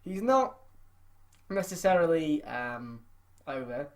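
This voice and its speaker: A man's voice: a little high, expressive, slow. A man co-hosting a casual wrestling chat, wry and sarcastic in his remarks. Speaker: podcast co-host.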